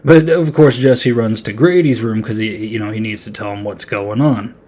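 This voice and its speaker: A man's voice: on the low side, fairly even intonation, normal speed, darkish tone. A man hosting a podcast and recapping a horror movie in a loose, rambling way with lots of fillers. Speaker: podcast host. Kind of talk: casual movie review.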